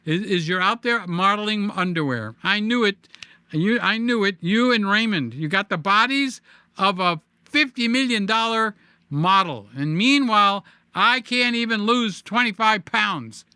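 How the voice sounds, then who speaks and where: High, bright-voiced joking man. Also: clear, resonant tone, no room sound. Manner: playful, teasing, jokey; sing-song, drawn-out emphasis. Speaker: YouTube host reading viewer comments. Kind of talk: casual live-stream chat.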